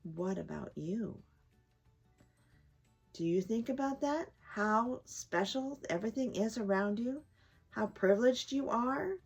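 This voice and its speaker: Woman storyteller, slow, lively bedtime reading with children's questions. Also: on the high side, gravelly, slightly rough, soft background music. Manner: gentle, asks children questions.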